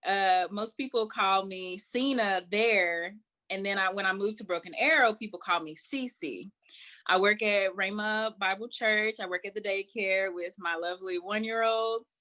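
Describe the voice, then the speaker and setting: A woman's voice: medium pitch, unhurried, sharp tone. A young woman from Mississippi, a panel guest, introducing herself in a cheerful, chatty way. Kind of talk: casual self-introduction.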